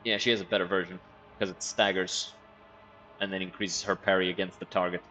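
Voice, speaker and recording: A man's voice: low-pitched, level tone, brisk, bright, forceful tone, soft background music. A man streaming a video game in casual commentary, reading in-game text aloud and reacting with wry, profane remarks. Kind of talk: casual let's-play commentary.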